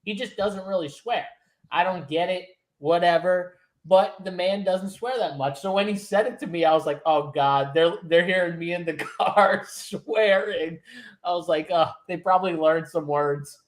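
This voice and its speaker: A man's voice: high-pitched, moderate pace. A man co-hosting a casual sports podcast, rambling through a story and laughing as he talks. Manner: rambling, laughs while talking. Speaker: podcast co-host.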